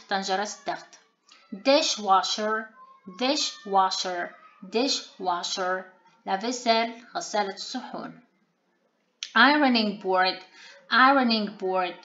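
A woman teaching vocabulary, repeating each word slowly three times and explaining pronunciation plainly. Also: medium pitch, pushed and bright, dull audio. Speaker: language teacher. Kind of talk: vocabulary lesson, repeating words.

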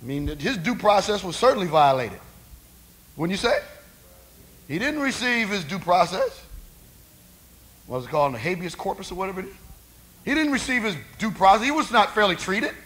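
A man's voice: high voice, sing-song, normal speed, pauses often, fairly bright tone. A male preacher giving a conversational sermon, asking rhetorical questions of the congregation.

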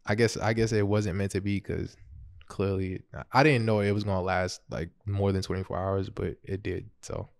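A young man hosting a podcast casually tells a funny personal story, laughing his way through it. His voice sits low and creaky at a moderate pace, and he's animated, quoting himself as he goes.

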